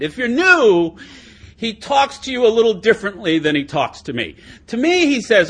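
A middle-aged man giving an animated, self-mocking, humorous talk as speaker at a recovery meeting, laughing often. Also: high-pitched, moderate pace. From United States.

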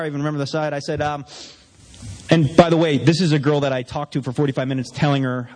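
A man's voice: a little high, low-quality recording. Man telling a candid, self-mocking story. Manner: acts out his own inner voices in quotes. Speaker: speaker sharing his recovery story. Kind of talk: personal testimony at a recovery meeting.

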